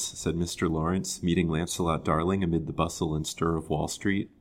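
Deep-voiced man reading a classic storybook. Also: level tone, a little fast.

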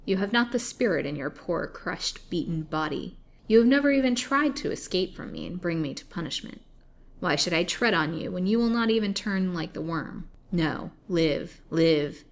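A woman reading a storybook aloud, voicing a furious, greedy old hag who snarls loud taunts at her prisoner. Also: lowish voice, animated, normal speed. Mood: grudging.

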